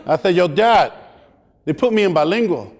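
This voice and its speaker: Man, high voice, animated comic storytelling, stage speech, long hall reverb. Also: normal speed, some chatter behind. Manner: lively, joking, animated storytelling. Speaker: speaker.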